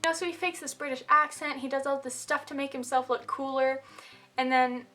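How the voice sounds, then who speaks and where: A woman's voice: sits high, flat delivery, fairly quick, sharp tone. A young woman talking casually to camera in a self-mocking vlog, with lots of fillers. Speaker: vlogger.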